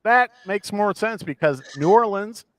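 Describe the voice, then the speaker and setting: A man's voice: sits high, measured pace, dry recording. Chatty Midwestern man, dry close sound. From American Midwest. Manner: rambling, self-deprecating, animated. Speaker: podcast co-host. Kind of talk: casual chat.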